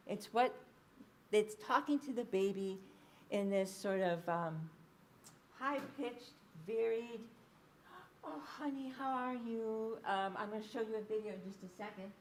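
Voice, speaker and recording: Woman researcher giving a talk, middle pitch, lots of ums and okays, faint noise in the back. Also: normal speed, pauses often. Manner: conversational, with frequent fillers and "okay?" check-ins; restarts and self-corrections mid-sentence. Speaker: researcher giving a public lecture. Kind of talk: public lecture. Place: library lecture space.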